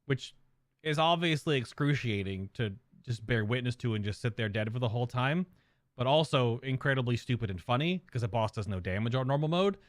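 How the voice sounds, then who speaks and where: A man's voice: medium pitch, expressive, a little fast, no room sound, clean studio sound. A man streamer giving casual, rambling reaction commentary in an amused way.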